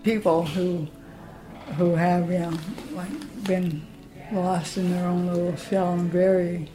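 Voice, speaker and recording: A woman speaking casually in an interview about her choir, halting with many fillers and frequent laughs. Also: on the low side, steady tone, music in the background, rough recording. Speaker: choir member.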